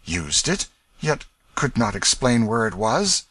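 A man voicing a young king who speaks in a commanding, measured, old-fashioned manner. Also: mid-range voice, big pitch swings, a bit bright, husky, no echo, full character voice. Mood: kind. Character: young true king, firm yet kind.

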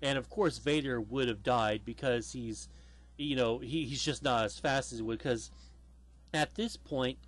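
A man's voice: mid-range voice, measured pace. A man hosting a casual podcast chat, rambling with lots of fillers and the odd swear word. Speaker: podcast host.

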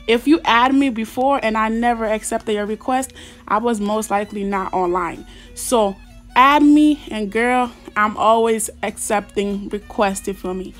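A young woman commenting on her mobile game in a chatty, slang-heavy way, breaking into excited squeals and shouts. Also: mid-range voice. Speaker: gaming YouTuber. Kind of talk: casual gameplay commentary.

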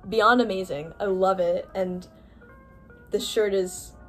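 A young woman filming an unboxing haul vlog, gushing and gasping with excitement over each item. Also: mid-range voice, slow pace, soft background music. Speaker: vlogger.

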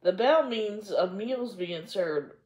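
A woman voicing a hurried young maid who speaks breathlessly and urgently. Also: mid-range voice, animated, a little mellow. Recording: echoey room.

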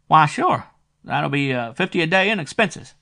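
Man doing a shrill, haggling private eye. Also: expressive, moderate pace, gravelly, bright, forceful tone, heavily acted. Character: shrill, money-minded male private detective.

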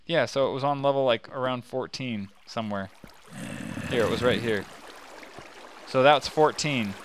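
A man hosting a gaming channel, talking to himself in casual, excitable commentary as he plays. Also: medium pitch, moderate pace, noisy background. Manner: chatty, excitable, talks to himself while playing.

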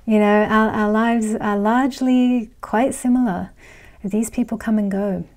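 A woman's voice: a little high, fairly even intonation, a little slow, a little mellow. A middle-aged woman vlogger chatting casually as she reads viewer comments, rambling with fillers and laughs. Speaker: astrology vlogger.

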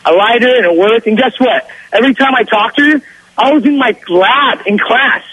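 A young man calling a radio show who tells a story in a boastful, excitable, slangy way over the phone. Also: very high-pitched, fairly quick, lo-fi sound, a little hiss or hum. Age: young adult. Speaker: caller. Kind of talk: casual storytelling on a call-in show.

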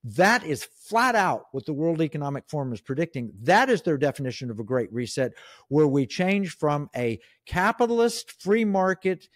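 A man's voice: a little high, big pitch swings, moderate pace, no echo, studio quality. A middle-aged man speaking as a guest in an interview, emphatic and opinionated, with frequent restarts. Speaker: guest, economic commentator. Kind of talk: interview conversation.

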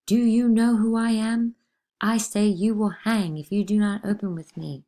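A woman's voice: medium pitch, fairly even intonation, moderate pace, mellow, pitched above the performer's own voice, natural voice. A woman reading a play aloud, voicing an imperious older male judge who interrogates with commanding demands. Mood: stern.

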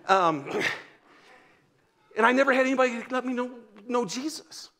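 A man preaching a sermon in a church, telling stories from his own life with swings between loud bursts and hushed, tender passages. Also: extremely high pitch, a little slow. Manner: animated storytelling, drops to near-whisper in tender moments. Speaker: guest pastor. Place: church sanctuary.

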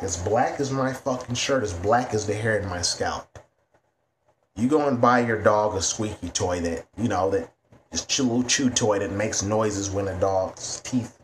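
A man's voice: lowish voice, slight background noise. A man ranting to camera in a vlog, blunt and heavy on profanity. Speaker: vlogger.

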